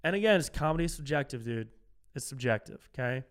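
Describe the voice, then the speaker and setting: A man's voice: medium pitch, animated, quick pace, smooth. A young man hosting a solo comedy podcast, talking casually and swearing, who often gets heated.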